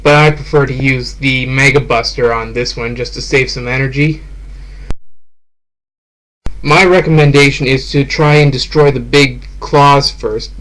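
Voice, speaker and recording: A man's voice: mid-range voice, a bit bright, rough recording. A man hosting a game review, talking casually over gameplay footage, frank and prone to swearing when frustrated.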